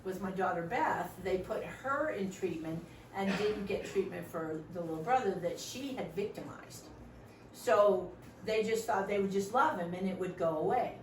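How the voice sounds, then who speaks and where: A woman's voice: mid-range voice, normal speed, reverberant, far from the mic, background noise. A middle-aged woman training volunteers in a meeting room, joking often and acting out what other people say. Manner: animated, joking, acts out quoted voices.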